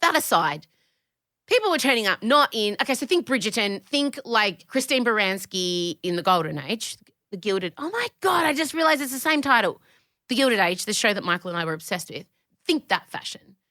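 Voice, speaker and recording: An Australian woman hosting a podcast, chatting in an animated, opinionated way, swearing freely and jumping between tangents. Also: medium pitch, normal speed, no room sound, clean studio sound. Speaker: podcast host; comedian. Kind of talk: casual podcast chat.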